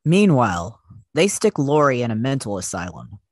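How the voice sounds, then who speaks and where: A man's voice: medium pitch, sing-song, moderate pace, no room sound. Man co-host narrating true crime, dry sound. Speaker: podcast co-host. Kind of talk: casual true-crime storytelling.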